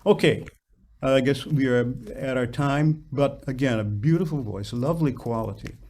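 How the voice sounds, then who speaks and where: An older man teaching a voice masterclass, patiently coaching a singer on diction and demonstrating words slowly. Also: darkish tone. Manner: patient, demonstrates phrases by singing them in falsetto-high lines; precise about diction, models words slowly.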